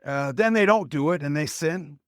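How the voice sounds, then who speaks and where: A man voicing his raspy, blunt, eighty-year-old Italian grandfather, speaking in an Italian accent. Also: a little high, normal speed, fairly bright tone, dry recording, clean studio sound, pitched above the performer's own voice, natural voice. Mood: blunt, wry. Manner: blunt, matter-of-fact retelling.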